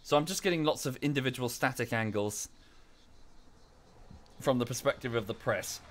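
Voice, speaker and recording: A male streamer talking to his chat in a relaxed, rambling way, full of fillers and restarts. His voice sits at an ordinary male pitch with a bright, sharp edge. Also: moderate pace. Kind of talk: casual live-stream chat.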